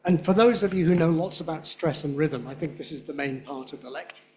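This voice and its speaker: An older man giving a conference lecture on English pronunciation, demonstrating rhythm by repeating phrases slowly. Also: on the high side, darkish tone. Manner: demonstrates rhythm by slow drilled repetition.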